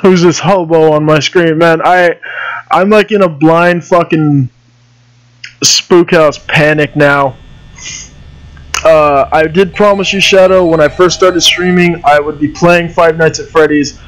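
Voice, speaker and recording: A man's voice: on the high side, steady tone, a little slow, poor audio. A young man streaming a horror game over a headset mic, swearing and laughing nervously as he panics. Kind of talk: live gameplay commentary.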